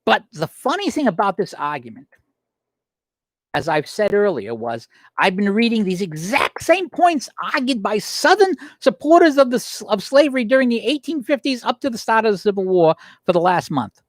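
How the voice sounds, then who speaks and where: A man's voice: sits high, sing-song, normal speed, no echo. A man hosting a podcast and arguing his opinions, using rhetorical questions, restarting sentences and reading quotations aloud. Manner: argumentative, rhetorical questions, frequent self-corrections. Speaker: podcast host.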